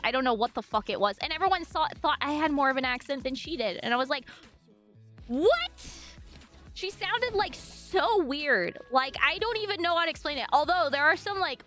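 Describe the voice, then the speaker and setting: A young woman from the US Northwest, a streamer chatting casually with viewers, animated and chatty with lots of fillers and casual swearing. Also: high voice. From US Northwest, raised in Washington and Montana. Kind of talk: casual chat with viewers while gaming.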